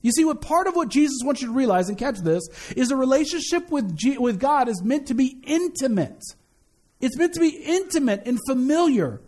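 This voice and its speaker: A man preaches from the pulpit with a strikingly high voice that leaps up and down expressively. He keeps the sermon conversational, breaking off to tease the congregation before returning to his point. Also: very animated, a little fast, a little mellow. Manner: conversational, joking asides to the congregation. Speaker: pastor. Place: church sanctuary.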